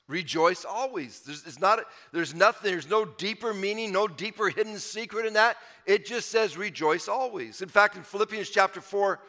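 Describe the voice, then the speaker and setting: A man's voice: sits high, bright, forceful tone, long reverb tail. A man preaching a sermon in an earnest, conversational way, repeating phrases and building to emphatic swells. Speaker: pastor.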